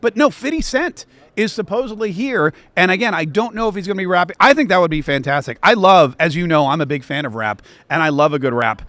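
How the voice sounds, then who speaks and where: A man hosting a political talk show from a convention media row, talking with animated energy. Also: sits high, fast, no room sound. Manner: animated, breaks into chanted rap rhymes.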